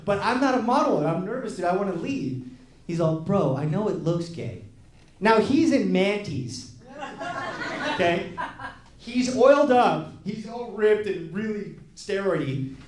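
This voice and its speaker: A man performing stand-up comedy, telling a story and acting out the other people's lines in an animated way. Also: high-pitched, measured pace. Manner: animated, acts out quoted voices. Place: comedy club stage with live audience. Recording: echoey club with crowd laughter.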